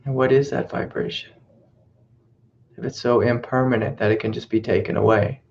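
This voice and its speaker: A man's voice: medium pitch, fairly even intonation, moderate pace, creaky, a little mellow. A man who is a spiritual teacher, telling a story in a reflective way and often repeating his phrases. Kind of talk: satsang teaching talk. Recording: dull lo-fi webcast audio.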